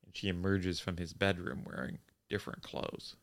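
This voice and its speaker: A man's voice: sits low, little pitch movement, moderate pace, creaky. Teasing man podcast co-host. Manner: teasing, recapping plot. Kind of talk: casual chat.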